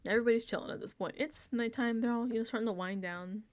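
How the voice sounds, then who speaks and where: A woman's voice: fairly high pitch, fast, no room sound. A woman casually recapping a reality show episode, chatty and laughing often, sometimes dropping into whispered asides. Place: indoors, home setup.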